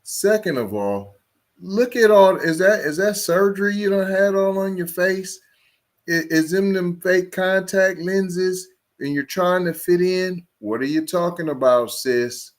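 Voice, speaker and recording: A man hosting a podcast, reacting to a clip in a confrontational way with rapid rhetorical questions. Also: high voice. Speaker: podcast host. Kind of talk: reaction commentary.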